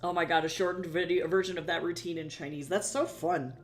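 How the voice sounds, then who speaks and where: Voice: mid-range voice, fairly even intonation, a little fast, faint music behind. A young adult streamer in casual live-stream chat, rambling and swearing casually while talking to viewers.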